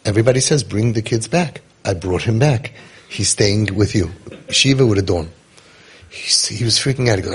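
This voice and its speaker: A man's voice: lowish voice, fairly quick, husky. A man, casually telling a story and acting out the dialogue with lots of restarts. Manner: animated storyteller, acts out dialogue, many restarts. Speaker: parenting guide telling a story.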